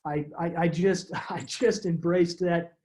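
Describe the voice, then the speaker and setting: Middle-aged male guest speaker, mellow and slightly high-pitched, emotional halting storyteller. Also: steady tone. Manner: halting, repeats words, emotional, soft laughs. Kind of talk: personal storytelling talk.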